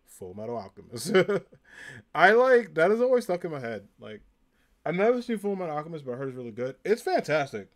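A man's voice: on the high side, sing-song, fairly quick. Upbeat chatty man with a Jersey lilt. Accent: New Jersey. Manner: upbeat and chatty, many ums and likes. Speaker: live streamer showing a convention haul. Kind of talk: casual live-stream chat.

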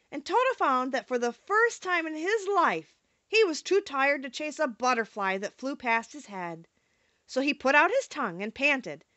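A woman narrating a storybook audiobook in an expressive reading manner. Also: high voice, no room sound.

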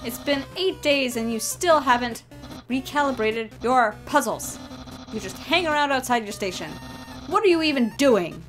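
A woman voicing a loud, eager, bossy male skeleton in a video game, talking emphatically. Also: sits high, lively intonation, moderate pace, soft background music, low-quality recording.

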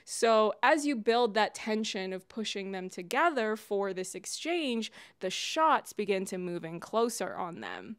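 Woman vlogger riffing on a show clip, opinionated, playfully over the top, medium pitch. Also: sing-song, measured pace, few pauses. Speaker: YouTube commentator. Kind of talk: casual commentary vlog.

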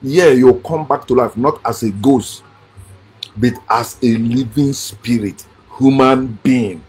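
A man delivering a blunt, lecturing monologue. He repeats his points and swings between shouting and quiet talk. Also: mid-range voice, takes it slowly, husky. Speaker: channel host.

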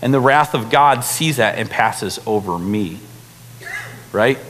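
A young man preaching a sermon in a casual, animated way, full of fillers like "right?" and "like". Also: on the low side, slow. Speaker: pastor. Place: church hall. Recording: long hall reverb.

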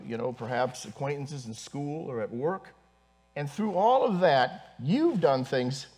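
Male pastor, slightly high-pitched, earnest sermon delivery in church. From northern United States. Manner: earnest preaching with pauses and fillers, rising for emphasis. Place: church congregation.

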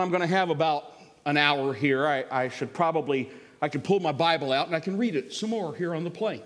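A man preaching a sermon, telling a story in a folksy way and acting out the voices of the people in it. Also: fairly high pitch. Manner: folksy, animated, acts out quoted voices. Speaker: guest preacher. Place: large church sanctuary. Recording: church hall with long reverb.

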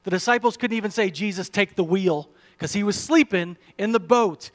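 A man preaches from the pulpit in a high, ringing voice. He leans on rhetorical questions, pushing his emphasis up as a point builds and easing it back down again. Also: normal speed. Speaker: pastor. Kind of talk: sermon.

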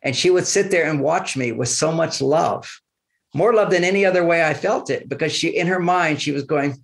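A man's voice: on the high side, normal speed, vocal fry. A man guest in an interview, telling personal stories about relationships in an easygoing way and acting out bits of dialogue. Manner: anecdotal, acts out quoted dialogue, chuckles often. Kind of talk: conversational storytelling interview.

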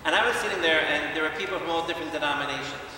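A man, a priest, preaching a lively Bible study to a congregation, asking questions and acting out quotes. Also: a little high, very fast, a little hiss or hum. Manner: animated, questions the audience, acts out quotes. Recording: echoey hall, speaker far from mic.

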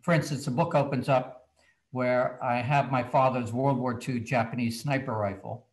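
A man, a children's book author, telling a story from his childhood in a casual, animated way. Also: mid-range voice, moderate pace, low-quality recording.

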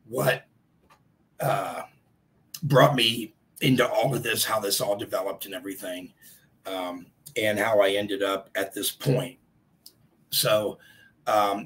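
A man with a lowish voice hosts a casual live stream, rambling along and greeting viewers by name. His voice sounds a little congested and hoarse. He talks into a streaming mic at his desk. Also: fairly bright tone, poor audio.

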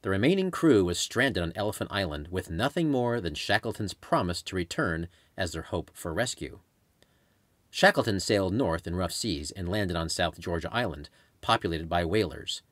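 Deep-voiced man reading his memoir. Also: no room sound. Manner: measured storytelling with lively intonation. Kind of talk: audiobook memoir narration.

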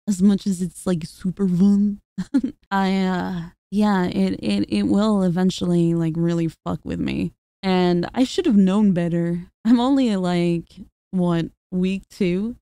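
A woman's voice: lowish voice, dark tone, smooth, no echo, clean studio sound. A young adult woman streamer talking casually to her viewers, rambling and hesitant with lots of fillers and small laughs. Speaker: VTuber streamer. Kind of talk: casual talk to camera.

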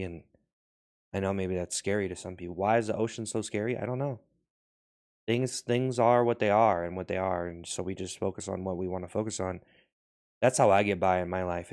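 Earnest low-voiced man, absurd monologue. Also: fairly even intonation, a little fast, darkish tone. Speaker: comedy video creator. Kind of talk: absurd deadpan comedy monologue.

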